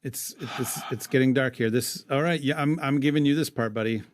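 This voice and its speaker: This podcast co-host has a mid-range voice and speaks a little fast. He recites an old epic poem with dramatic flair, pausing now and then for wry remarks.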